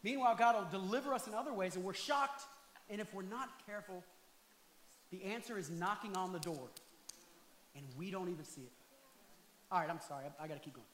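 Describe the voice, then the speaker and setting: A male pastor preaching a passionate sermon, at times rising to shouts and talking directly to the congregation. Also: sits high, fairly quick, pauses often, reverberant, slight background noise.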